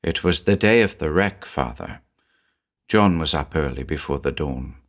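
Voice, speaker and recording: A man voicing an anxious village mother who recounts events in a hushed, uneasy way. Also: extremely low pitch, expressive, moderate pace, voice pushed down.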